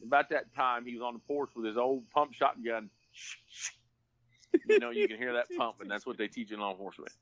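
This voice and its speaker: A man's voice: medium pitch, big pitch swings, brisk, fairly bright tone, no echo, dull audio. Rambling storyteller man. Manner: rambling folksy yarn with restarts. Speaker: podcast storyteller. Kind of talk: casual storytelling.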